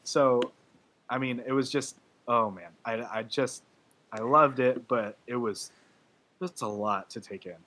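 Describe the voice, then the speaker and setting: A man's voice: medium pitch, a little slow, sharp tone. A man co-hosting a movie podcast, talking in an emotional, laughing way in casual chat. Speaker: podcast co-host.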